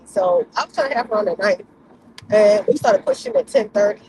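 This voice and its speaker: A woman chats about having her baby, her voice swinging high and low as she tells it. She sits a little above most women in pitch. The recording carries steady noise behind her. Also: fairly quick. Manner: animated storytelling, emphatic swings in pitch. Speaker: mother sharing her birth story. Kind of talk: casual chat. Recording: noisy recording.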